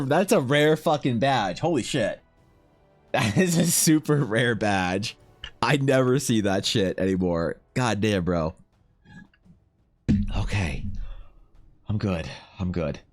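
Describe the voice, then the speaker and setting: A man streaming live while he draws, talking to his chat in a stammering, emotional way, restarting his words and swearing often. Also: fairly low pitch.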